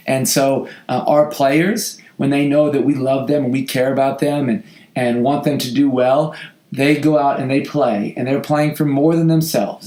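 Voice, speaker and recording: A man with a slightly hoarse voice, a football coach hosting a podcast, answering questions in an earnest, heartfelt way with frequent restarts. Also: medium pitch, a little mellow. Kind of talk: casual podcast talk answering listener questions. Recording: roomy echo.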